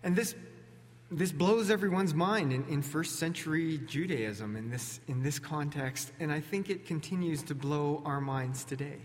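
A male pastor delivers a sermon into a pulpit microphone, sounding relaxed and conversational and slipping in small jokes and restarts. His voice sits a little high for a man. A long reverb from the large church sanctuary trails each phrase. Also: normal speed.

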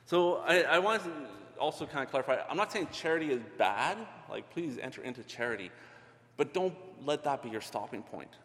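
A man's voice: a little high, lively intonation, fairly quick, fairly bright tone, long reverb tail. A middle-aged man giving an earnest, conversational sermon as a ministry leader, often restarting his phrases.

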